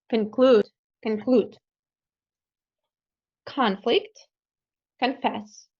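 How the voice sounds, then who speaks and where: Slow, careful Ukrainian-accented woman. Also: fairly high pitch, very animated, gravelly, slightly rough, highs cut off. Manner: careful, repeats words one by one. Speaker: student. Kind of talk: repeating words in a pronunciation lesson.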